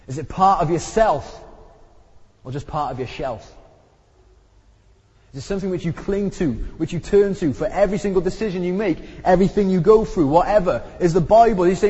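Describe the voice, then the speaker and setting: A man preaches in a church hall, his throat sore, his voice brisk, mellow and husky. The sermon is conversational yet emphatic, climbing in pitch at important points, and the recording sounds dull with lengthy hall reverb.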